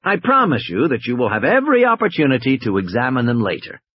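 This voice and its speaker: A man's voice: medium pitch, huge pitch swings, quick pace, highs cut off. A man voicing a fussy male park official who talks in a firm, polite way.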